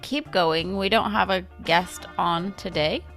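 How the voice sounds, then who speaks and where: A woman co-hosting a podcast in casual chat, brisk and steering the conversation. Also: fairly low pitch, fairly bright tone, faint music behind. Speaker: podcast co-host.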